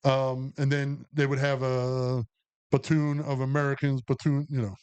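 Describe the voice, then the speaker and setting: A man's voice: mid-range voice, little pitch movement, measured pace, darkish tone, smooth. A middle-aged man, an Army veteran co-hosting a podcast, telling stories in a rambling way full of fillers. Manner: rambling, anecdotal, heavy with fillers. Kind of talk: casual storytelling chat.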